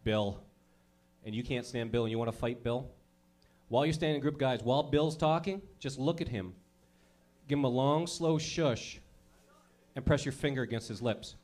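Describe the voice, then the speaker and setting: A man's voice: medium pitch, moderate pace, long pauses, darkish tone. A man doing a crude, brash stand-up comedy routine, acting out little scenes as he goes. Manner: crude, brash, acts out characters.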